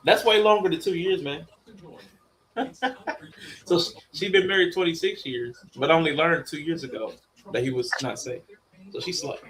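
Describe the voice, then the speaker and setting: A man co-hosting a podcast in casual chat, telling a family story in an animated way. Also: fairly high pitch, moderate pace, pauses often. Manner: animated storytelling, slipping into mock voices. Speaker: podcast co-host.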